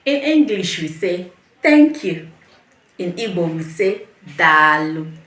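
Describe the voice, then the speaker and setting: A woman's voice: medium pitch, sing-song, measured pace, a little mellow, roomy sound. A woman teaching a beginner language lesson, patiently repeating each phrase and encouraging the viewer to say it after her.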